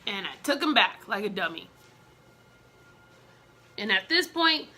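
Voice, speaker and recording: Slow-talking, bright-voiced young woman. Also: medium pitch, very animated. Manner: candid, emotional storytelling with many fillers. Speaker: vlogger telling a personal story. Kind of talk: casual storytime vlog.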